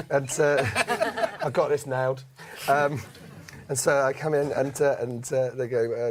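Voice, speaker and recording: A man spins a rambling comic story, full of fillers and false starts, swearing freely. His voice sits at a middling pitch. A faint hiss runs underneath. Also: fairly even intonation, moderate pace. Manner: rambling, many fillers and restarts, swears, laughs at own story. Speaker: comedian guest.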